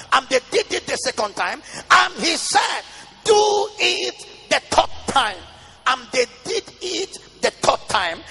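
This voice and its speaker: High-pitched, shouting, sing-song preacher. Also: male voice, vocal fry, slightly rough. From Nigeria. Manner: booming, sing-song scripture reading with shouted declarations. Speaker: pastor. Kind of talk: sermon. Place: large church hall. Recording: reverberant church hall with music behind.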